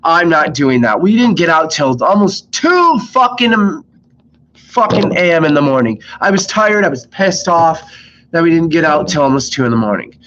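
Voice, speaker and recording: A man's voice: fairly high pitch, animated, normal speed, a bit bright. Sick young man ranting, swearing nonstop. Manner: rambling, swears constantly, exasperated. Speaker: streamer telling work stories. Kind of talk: casual live-stream storytelling. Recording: slightly dull lo-fi mic with faint noise.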